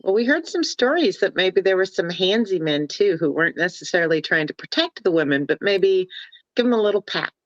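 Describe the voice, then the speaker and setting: A woman guest on a radio talk show, speaking in a hesitant, halting way with many fillers. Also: lowish voice, expressive, no room sound, highs cut off. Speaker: paranormal investigator guest.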